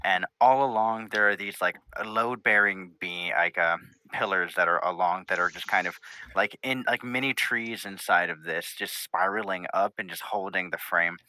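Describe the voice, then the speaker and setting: A man's voice: deep voice, moderate pace, pushed and bright, smooth, dry recording, low-quality recording. A man narrating a tabletop game as game master, rambling through scene description with many fillers.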